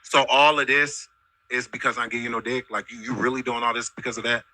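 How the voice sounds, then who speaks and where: A man's voice: medium pitch, fairly even intonation, fast talker, sharp tone, no room sound, poor audio. A man in an argument on a stream, firm and dismissive, repeating his point.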